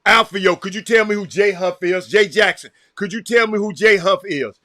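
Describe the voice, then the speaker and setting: A Texas man with a Southern American accent hosts a casual livestream, excitably reacting loud to a game, calling out live viewers by name and repeating himself. His voice is high-pitched at a normal speed, with clean studio sound and no room noise.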